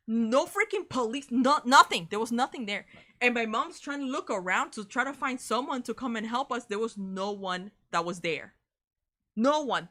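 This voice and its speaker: A young woman tells a story in a bright, slightly high voice. She talks in an animated, casual way, swears freely and keeps saying "bro". The delivery is loose, like a chat between co-hosts. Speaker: co-host of a reaction channel.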